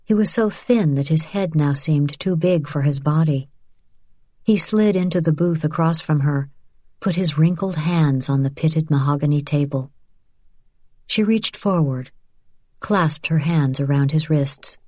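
Low-voiced woman reading an audiobook, steady pace, dry close mic. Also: no echo. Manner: measured, steady storytelling. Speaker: audiobook narrator. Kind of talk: scripted narration.

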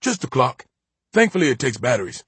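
A man reading an audiobook, voicing a gruff, guarded blind old grandfather with a terse, matter-of-fact drawl. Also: mid-range voice, very animated, brisk, a bit bright, dry recording, exaggerated voice. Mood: confiding.

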